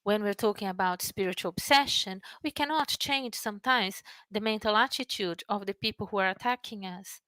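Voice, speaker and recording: A woman from the United Kingdom who works in mental health, giving an earnest presentation and gently leading a breathing exercise. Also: medium pitch, dry recording. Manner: calm, earnest, slows and softens for the breathing guidance.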